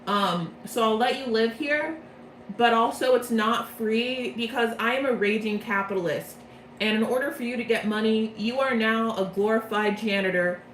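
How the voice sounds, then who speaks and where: A blustering bird-man headmaster, as a woman puts him on bosses everyone around in a fairly high voice. His lines ring out in an echoey room over a faint hiss. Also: normal speed, fairly bright tone, natural voice. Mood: smug. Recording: roomy echo, faint noise.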